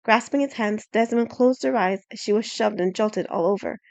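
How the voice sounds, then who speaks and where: A woman narrating an audiobook chapter in a quiet, gentle reading voice. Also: mid-range voice, normal speed, creaky, no room sound.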